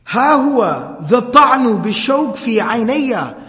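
A man's voice: very animated, slow pace, sharp tone, full character voice. A man acting out a panicked blinded man screaming for help. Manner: shrill, pleading, frantic. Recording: long hall reverb.

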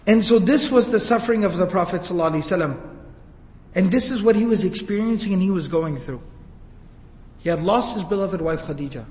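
A man's voice: high voice, quick pace, a little mellow, big-room sound, rough recording. A man giving a sermon, telling the story emotively and acting out quoted lines. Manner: emotive, retells scenes with quoted voices. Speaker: preacher.

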